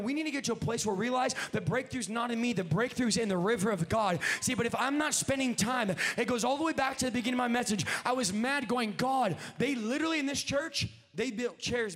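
A man preaching a revival sermon, alternating between shouted, sing-song declarations and lower conversational asides. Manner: drops to low conversational asides.

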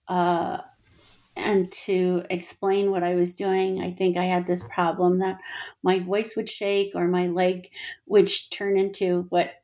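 A woman's voice: lowish voice, warm tone. A middle-aged woman artist and teacher talking reflectively in an interview, with frequent laughter and restarts. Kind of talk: conversational interview.

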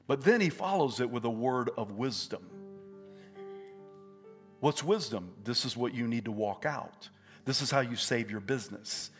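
A man preaching a sermon, telling scripture stories with animated swings between hushed and loud delivery. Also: medium pitch, normal speed, slightly rough, soft background music.

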